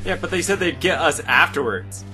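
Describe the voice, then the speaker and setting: A man's voice: fairly high pitch, expressive, a little fast, bright, forceful tone, faint music behind. A man playing in a tabletop game, laid-back and casual, tossing in "like" and "man". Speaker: player. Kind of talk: tabletop role-play chat.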